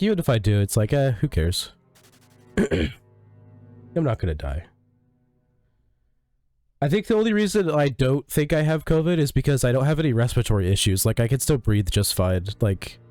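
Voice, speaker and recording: A man livestreaming in casual, rambling chat, swearing a lot and sounding sick, coughing and clearing his throat often. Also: mid-range voice, mellow. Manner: profane, ranting, full of fillers. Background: faint music.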